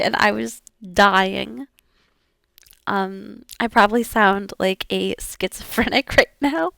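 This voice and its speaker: A woman's voice: medium pitch, slow, vocal fry, fairly bright tone, clean tone, no echo. A woman VTuber practicing her language lessons aloud in a casual, rambling way, often giggling and using many fillers.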